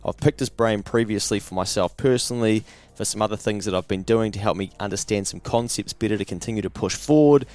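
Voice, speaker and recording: A man's voice: on the low side, fast talker, hardly any pauses, darkish tone, no room sound. A man with a New Zealand accent hosting a podcast, upbeat, blokey and enthusiastic. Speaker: podcast host. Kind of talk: podcast interview.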